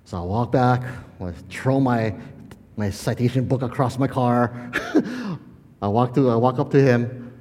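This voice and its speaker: Male pastor preaching in a sermon, lively storytelling then earnest, mid-pitched voice, long hall reverb. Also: a little slow. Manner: animated storytelling, laughing often, then quiet and earnest.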